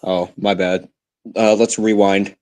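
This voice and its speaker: A man hosting a live stream in casual, playful chat, quick to laugh. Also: on the low side, little pitch movement, darkish tone. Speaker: live streamer, show host.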